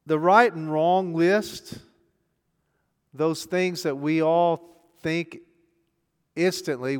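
A man preaching a sermon. He asks rhetorical questions and swings between hushed, intimate passages and emphatic, raised ones. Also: fairly high pitch, smooth. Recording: long hall reverb.

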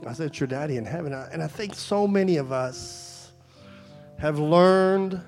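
A man's voice: fairly high pitch, expressive, moderate pace, a little mellow, soft background music. A man preaching a sermon at a church service, telling a story and then pleading fervently with his listeners.

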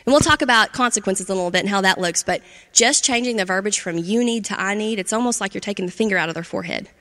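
A woman's voice: medium pitch, fast talker, a bit bright, long reverb tail. A woman giving an instructional talk on parenting, conversational and often checking in with "right?" and "okay?".

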